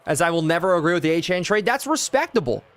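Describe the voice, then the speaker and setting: Hyped young guy calling plays on stream, reads chat, yells on big plays. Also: on the high side, fast talker, no echo. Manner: excitable, shouting on big plays, thanks viewers. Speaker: game streamer. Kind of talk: live video game play-by-play with chat reading.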